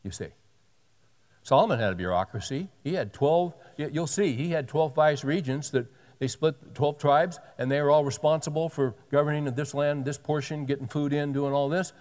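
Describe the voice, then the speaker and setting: A man's voice: on the high side, normal speed, a little mellow. A man in his sixties preaching a sermon, reading scripture aloud and breaking in with folksy joking asides. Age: 60s. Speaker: pastor. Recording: long hall reverb.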